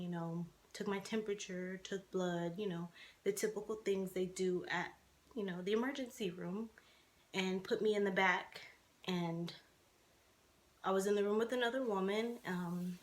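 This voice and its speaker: A woman in her twenties telling her own life story to the camera, speaking candidly with many fillers and restarts. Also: medium pitch. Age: 20s.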